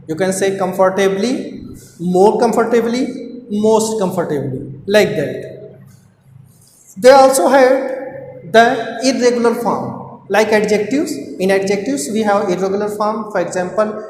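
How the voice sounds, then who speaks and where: A man with an Indian English accent teaching a grammar lesson, explaining slowly and patiently with many repetitions. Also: sits high, slight background noise. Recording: roomy echo with long reverb.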